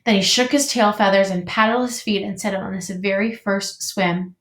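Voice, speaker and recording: A teacher reading a children's book aloud in an expressive, measured way. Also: female voice, medium pitch. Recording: echoey room.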